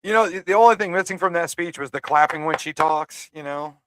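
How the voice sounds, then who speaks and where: A man co-hosting a casual talk show, halting and repeating words as he rambles. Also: on the high side, fairly bright tone, clear, resonant tone. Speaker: co-host. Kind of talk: casual podcast commentary.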